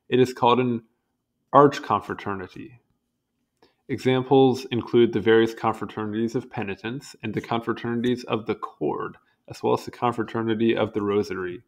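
A young man casually reading an encyclopedia article aloud, stumbling over hard words and adding wry asides. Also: medium pitch. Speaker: reader.

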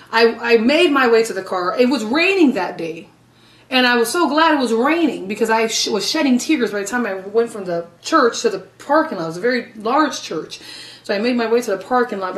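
High-voiced woman evangelist, echoey room. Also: distant mic. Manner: emotional storytelling, dramatic swings from loud to hushed. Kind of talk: testimony sermon.

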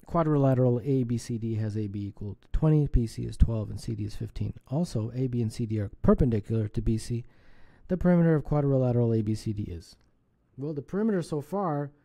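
A man tutors math in a casual, thinking-aloud manner, correcting himself with a small laugh. His voice is deeply mellow and dark, at an ordinary middle pitch. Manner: casual, self-correcting, chuckles at slips. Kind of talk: solving contest problems aloud.

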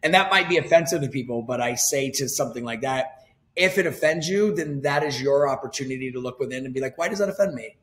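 A man in his forties talking openly as an interview guest, emphatic and quick to swear. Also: mid-range voice, fairly bright tone. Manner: candid and emphatic, swears freely. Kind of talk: casual conversation.

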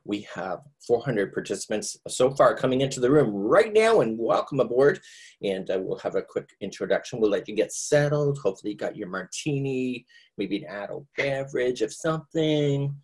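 A man's voice: expressive, normal speed, a little mellow, husky. A middle-aged man from Nova Scotia with a Canadian accent, hosting a live online crochet class from home in a jokey, rambling way. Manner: jokey, rambling, breaks into squeaky put-on voices.

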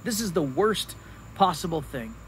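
A man pastor giving a devotional Bible teaching, talking slowly with many fillers and restarts. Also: a little high, very animated, a bit bright, slight background noise, rough recording.

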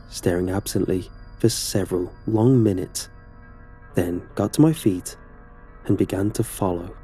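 Low, husky horror narrator. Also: male voice, warm tone.

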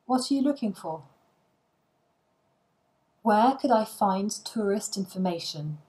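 A woman reads short phrases aloud for learners, one after another, with pauses between them. She speaks slowly and carefully, at a middle pitch. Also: expressive, dark tone. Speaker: language learning reader. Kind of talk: slow phrase-list reading for learners.

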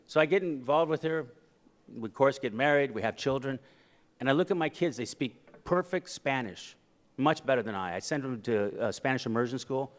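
A middle-aged man gives a keynote at a conference, spinning personal stories with humor and acting out the voices of the people in them. His voice sits at an ordinary pitch for a man. The sound carries a long hall reverb. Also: normal speed. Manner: animated, acts out quoted voices for laughs. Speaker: keynote speaker. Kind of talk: humorous storytelling speech.

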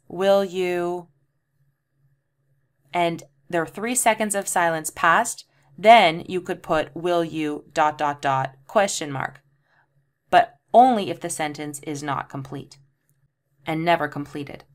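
Woman, low pitch, tutorial voice, reads examples aloud, names punctuation marks. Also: slow pace. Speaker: transcription tutor. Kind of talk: screen-share tutorial.

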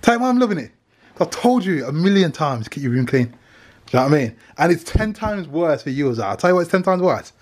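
A man's voice: fairly high pitch, big pitch swings, fast, darkish tone. A British man vlogging with his family, teasing and joking on a handheld camera. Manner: teasing, jokey, bantering. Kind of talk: casual family vlog.

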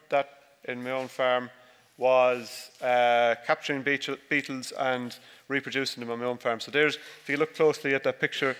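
A man delivers a relaxed, joking farming talk full of fillers and restarts. His voice is bright and crisp. Long hall reverb trails every phrase. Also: mid-range voice. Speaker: conference speaker, dairy farmer. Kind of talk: conference talk with slides. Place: large conference hall.

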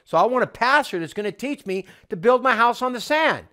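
A man delivers a sermon with fervent, insistent conviction. His voice sits high and swings widely as he hammers home repeated phrases. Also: lively intonation, a little fast, pushed and bright. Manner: fervent, repetitive preaching with emphatic refrains. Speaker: home church teacher.

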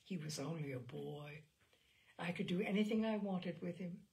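A woman reading the part of a composed young widow who calmly tells of a killing. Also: fairly low pitch, normal speed, vocal fry. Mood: coolly recounting. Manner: matter-of-fact, unrepentant telling.

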